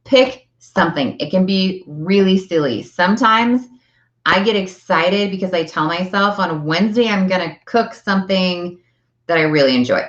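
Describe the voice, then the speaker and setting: A middle-aged woman with a low voice coaching her viewers in a chatty, earnest way, often repeating phrases to drive a point home. The sound bounces around a reverberant room. The recording is a bit dull and muffled. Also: expressive, moderate pace. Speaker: self-help coach. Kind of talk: motivational talk to viewers.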